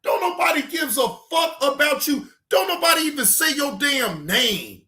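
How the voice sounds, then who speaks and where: A male reaction channel host giving heated, profane ranting commentary, often shouting. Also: very high-pitched, animated, normal speed, echoey room.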